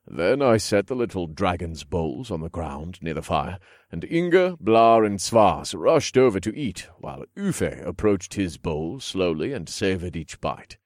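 A very low-voiced man narrates a first-person fantasy audiobook a little slowly, with few pauses. The telling stays calm and even, and the recording is dry and close, free of echo or room sound.

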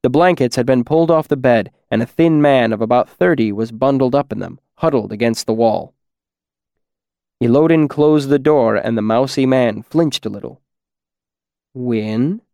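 A man reading a first-person audiobook story in a steady, even storytelling voice. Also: medium pitch, normal speed, gravelly, no room sound. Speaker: audiobook narrator.

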